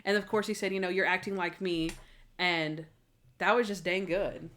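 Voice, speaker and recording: A woman co-hosting a TV recap podcast in casual chat, acting out scenes with sudden high voices. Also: normal speed. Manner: animated, acts out scenes in high squeaky voices. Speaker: podcast co-host.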